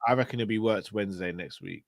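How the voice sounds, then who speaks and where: A man co-hosting a football podcast, making deadpan jokes in casual banter. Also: on the low side, quick pace, creaky. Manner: joking, deadpan claims. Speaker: podcast co-host.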